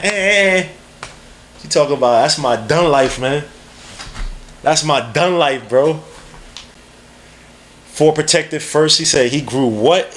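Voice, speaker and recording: A man hosting a podcast and giving live, rambling, slang-heavy draft commentary. He is excitable and jumps quickly from one thought to the next. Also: mid-range voice, slight background noise. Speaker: podcast host.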